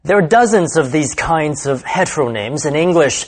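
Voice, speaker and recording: A woman co-hosting a language lesson, explaining word stress in a clear, scripted way and slowing down to model the words. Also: low-pitched, lively intonation.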